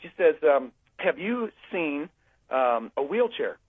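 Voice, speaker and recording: A man from the United States with a slightly high, husky voice speaks slowly but with big pitch swings, telling a long story to a host over the phone. The recording is dry, and this guest's conversational storytelling has many fillers and restarts.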